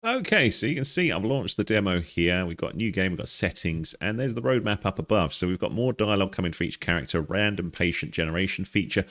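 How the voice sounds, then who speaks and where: A man commentates casually over a game walkthrough, thinking aloud with a wry, chatty manner. His voice is lowish and gravelly with plenty of pitch movement. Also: animated, fairly quick, hardly any pauses, a bit bright, soft background music. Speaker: gaming channel host.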